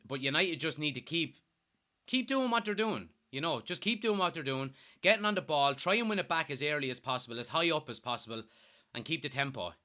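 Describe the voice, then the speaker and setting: A young man hosting a live fan watchalong, giving excitable, partisan commentary and reading out chat. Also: on the high side. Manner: excitable, partisan, swears when thrilled.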